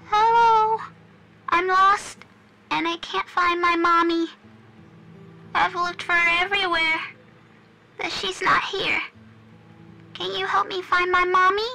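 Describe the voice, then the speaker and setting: A woman's voice: extremely high pitch, fairly even intonation, creaky, over music, exaggerated voice, rough recording. A lost little ghost girl. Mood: plaintive. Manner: slow, small childlike voice. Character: lost, frightened three-year-old ghost girl. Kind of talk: horror story voice acting.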